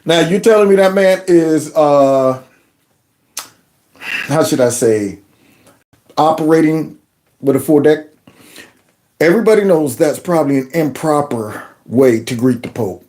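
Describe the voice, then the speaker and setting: A man hosting a political commentary show, talking over clips in an animated, mocking way and repeating phrases in a singsong. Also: mid-range voice, unhurried, long pauses. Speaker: commentary channel host.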